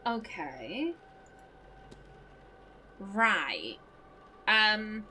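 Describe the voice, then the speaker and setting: A woman casually commenting on her own playthrough, thinking out loud and poking fun at herself. Her voice sits fairly high and swings animatedly up and down. A faint background hum runs under her talk. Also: sing-song, takes it slowly, long pauses. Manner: chatty, thinks aloud, self-mocking. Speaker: let's play gamer.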